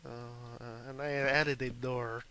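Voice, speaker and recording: A man's voice: medium pitch, level tone, slow, sharp tone, a little hiss or hum. A man giving casual, rambling gameplay commentary as host, jokey and self-mocking, on a desk microphone at home. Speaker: let's play host.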